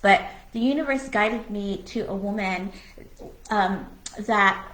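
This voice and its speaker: A woman in a medium voice, talking through a relaxed spiritual conversation as co-host. She is earnest and open, full of "like" and "you know," and blunt enough to swear now and then. The room around her rings with a noticeable echo. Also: medium pitch, takes it slowly. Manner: candid and earnest, with many fillers like "you know" and "like". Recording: echoey room.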